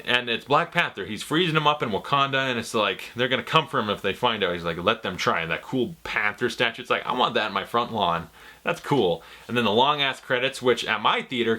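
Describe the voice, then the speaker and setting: Young man, casual movie review vlog, excitable, rambling, bright tense tone. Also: medium pitch. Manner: excitable, rambling, swears freely.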